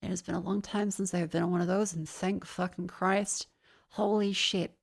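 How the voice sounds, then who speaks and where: A woman's voice: fairly low pitch, level tone, normal speed, vocal fry. A woman streaming in casual, sweary chat, with a sinus infection. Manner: casual and sweary, laughs often.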